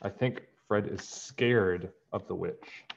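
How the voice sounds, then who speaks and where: A man reading a children's picture book aloud in a friendly, animated way. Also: on the low side, slow, vocal fry, slight background noise. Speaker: storybook reader. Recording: dull lo-fi home recording.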